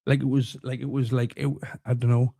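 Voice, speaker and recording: A man's voice: medium pitch, flat delivery, fairly quick, vocal fry, dark tone, no echo, clean studio sound. A man giving mocking, rambling comedy commentary with a sarcastic, teasing manner.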